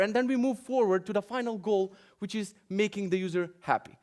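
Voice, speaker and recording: A man's voice: sits high, fairly quick, hardly any pauses, a little mellow. A man from Macedonia giving a joking, sarcastic conference talk and ranting to a hall audience. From North Macedonia. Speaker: conference speaker.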